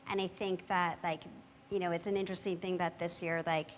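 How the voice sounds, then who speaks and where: A woman speaking as a panelist in a thoughtful, measured way with frequent fillers. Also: lowish voice, flat delivery. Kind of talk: panel discussion talk. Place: church hall. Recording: long hall reverb, faint noise.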